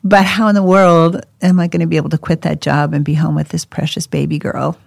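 Woman, casual storytelling, animated, lots of laughter, slightly gravelly, dry close mic. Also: sits low, brisk, no room sound. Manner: animated, laughs often, acts out quoted voices. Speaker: co-host sharing her life story.

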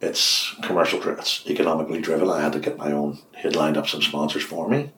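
An older Irish man, a radio host, telling long anecdotes in an interview and acting out the dialogue with lively swings in his voice. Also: quick pace, slight background noise. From Ireland. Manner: lively storyteller, acts out quoted dialogue with big pitch jumps. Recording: roomy echo.

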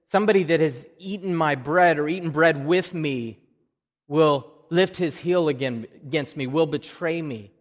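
A man's voice: on the high side, in a large hall. A man with an Oklahoma accent preaching a sermon in a conversational way, often repeating a word as he restarts a phrase. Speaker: pastor. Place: church.

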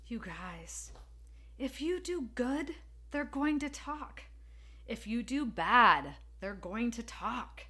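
A woman's voice: a little high, lively intonation, measured pace, a bit bright. A woman hosting her own podcast, telling a motivational story with emotional emphasis. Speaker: podcast host.

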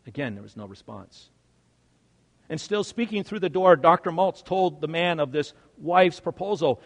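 Male pastor, high-pitched, dramatic sermon delivery with loud peaks and quiet drops, long church reverb. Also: lively intonation, moderate pace. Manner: dramatic swings from loud emphasis to hushed quiet.

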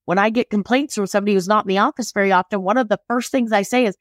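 A woman who leads a mortgage branch, speaking emphatically in a podcast discussion and firing off rapid questions. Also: mid-range voice, dry recording, clean studio sound.

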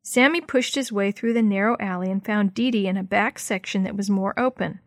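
A woman narrating a children's chapter book aloud, telling it in a clear, expressive way. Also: medium pitch, a little fast, dry recording, clean studio sound.

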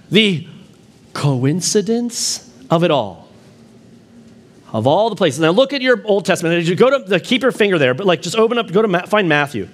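A man preaching a sermon, reading scripture in a low, slow voice and rising when he presses a point. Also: a bit bright. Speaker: pastor.

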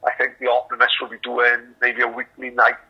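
A man with a Welsh accent co-hosting a podcast, telling sweary, animated stories in casual chat. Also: mid-range voice, a little fast, husky, muffled recording. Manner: sweary, animated storytelling with lots of laughter. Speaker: podcast co-host.

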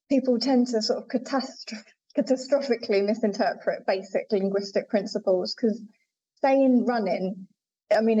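A woman's voice: on the high side, mellow. A woman linguistics researcher, a podcast guest, explaining in an articulate, conversational way with frequent fillers. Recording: dull lo-fi audio.

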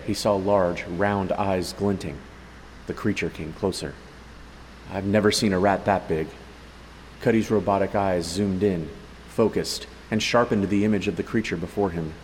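A man narrating a story in a steady, even way, as an audiobook reader. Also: sits low, moderate pace, long reverb tail, slight background noise, low-quality recording. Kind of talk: scripted narration.

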